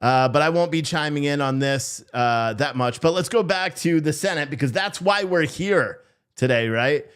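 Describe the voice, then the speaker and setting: A man's voice: fairly high pitch, moderate pace, fairly bright tone, clean tone. A man hosting a live stream, chatting casually and sarcastically with his viewers and swearing freely.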